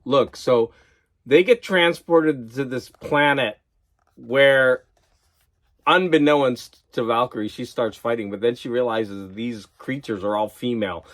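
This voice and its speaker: A man chatting casually in a vlog, excited and laughing at himself as he geeks out over comics. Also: mid-range voice. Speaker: vlogger. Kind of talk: casual chat.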